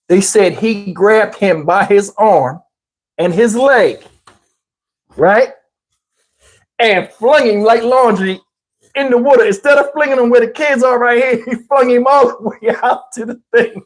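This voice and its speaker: A man's voice: high voice, normal speed, low-quality recording. Chuckling, rambling storyteller man from New Jersey. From Camden, New Jersey, US. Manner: chuckles often while telling the story; animated, rambling with restarts. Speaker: channel host. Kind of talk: casual storytelling.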